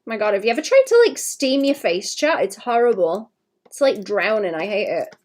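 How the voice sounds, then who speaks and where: A woman's voice: medium pitch, sing-song, moderate pace, a little mellow. A woman chatting casually to her stream while drawing, with a slight cough. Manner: chatty, rambling, talks to chat between drawing. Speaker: livestreaming illustrator.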